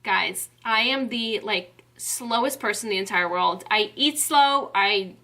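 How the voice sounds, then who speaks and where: A young woman vlogging casually, giggly and flustered, exclaiming often as she rushes. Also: mid-range voice, sharp tone. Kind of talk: casual chat.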